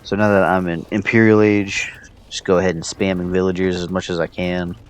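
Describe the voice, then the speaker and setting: A man's voice: deep voice, little pitch movement, fairly quick, clear, resonant tone. A man casually commentating a strategy game he is playing, thinking aloud with plenty of fillers. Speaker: player commentating his own match.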